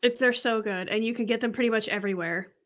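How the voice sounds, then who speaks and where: A woman's voice: on the high side, quick pace. A woman co-hosting a podcast from home, chatting casually and teasing her partner with easy laughter. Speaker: podcast co-host. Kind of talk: casual chat.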